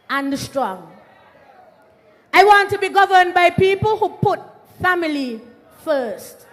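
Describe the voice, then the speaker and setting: A young woman speaking at a political rally. She stirs up the audience with call-and-response, then gives a deliberate, formal address. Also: extremely high pitch, long reverb tail. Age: young adult.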